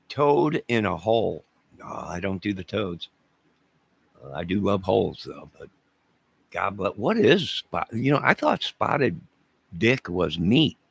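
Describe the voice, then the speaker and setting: Older male streamer, deep gravelly voice with a husky edge, rambling and jokey, chatting with viewers. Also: a bit bright. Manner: rambling, joking, talks to chat viewers by name. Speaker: livestream host reading chat. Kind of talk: casual livestream chat.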